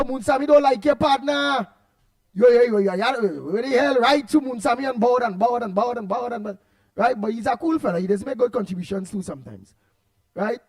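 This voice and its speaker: Trinidadian male radio host, very high pitch, animated and rambling. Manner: animated, repetitive, laughs often, loud outbursts. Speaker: radio talk show host. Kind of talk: casual radio chat reading listener comments.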